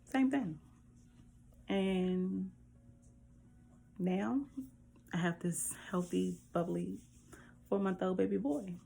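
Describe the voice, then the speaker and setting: Animated woman vlogger telling a story. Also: medium pitch, takes it slowly, gravelly, long pauses, slight background noise. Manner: animated, chatty, speaks directly to viewers. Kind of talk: personal storytelling to camera.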